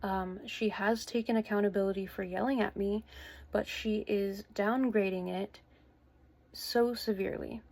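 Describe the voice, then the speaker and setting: A woman's voice: medium pitch, steady tone, gravelly, darkish tone, no room sound. Hesitant earnest woman in her twenties. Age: 20s. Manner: hesitant and earnest, with many pauses and restarts. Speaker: vlogger. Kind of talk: personal account to camera. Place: her bedroom at home.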